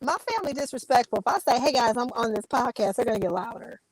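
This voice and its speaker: A woman's voice: a little high, fast, slightly rough, no room sound, poor audio. A woman comedian guest chatting playfully from her car on a headset, laughing often. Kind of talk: casual chat over a video call.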